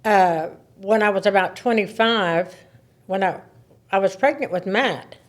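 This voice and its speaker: A woman in her seventies, a podcast guest, telling stories in a casual, animated way, laughing and repeating words as she talks. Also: medium pitch, measured pace. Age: 70s. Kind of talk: casual storytelling.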